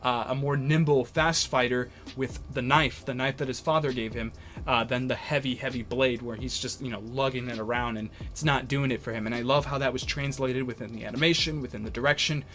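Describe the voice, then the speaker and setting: A man's voice: medium pitch, fairly even intonation, fairly quick, fairly bright tone. A young man giving casual, enthusiastic video commentary as an anime reviewer, rambling with many fillers and restarts.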